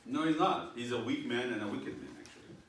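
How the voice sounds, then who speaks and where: A man's voice: medium pitch, fast, fairly bright tone. A man leading a Bible study class, retelling a story animatedly and checking in with his students. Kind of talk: storytelling lesson. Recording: echoey room, distant mic, faint noise.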